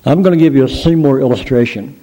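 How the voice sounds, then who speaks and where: A middle-aged male preacher giving a sermon in a folksy, animated storytelling manner, joking about himself. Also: mid-range voice, fast.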